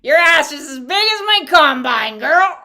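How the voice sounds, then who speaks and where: A woman's voice: high voice, big pitch swings, drawn-out words, pitched above the performer's own voice, full character voice. Woman hamming up a brash pushy farmer husband. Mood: hollering. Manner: loud hollering come-ons.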